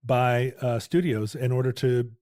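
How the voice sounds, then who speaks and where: A man's voice: medium pitch, fairly even intonation, measured pace, a little mellow, no room sound. A man co-hosting a podcast, asking questions and adding dry wisecracks in casual chat. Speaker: podcast co-host.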